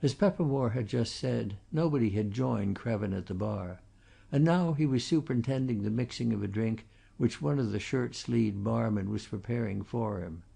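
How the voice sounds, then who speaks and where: Gravelly man narrating an audiobook. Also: medium pitch, moderate pace, warm tone. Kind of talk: scripted narration.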